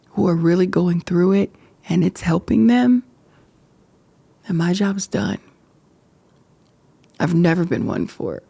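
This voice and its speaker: Emotional woman speaking in a gravelly, mellow voice. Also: on the low side, no room sound. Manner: emotional, reflective, halting at times. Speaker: podcast host. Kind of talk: candid personal talk to camera. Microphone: camera framing.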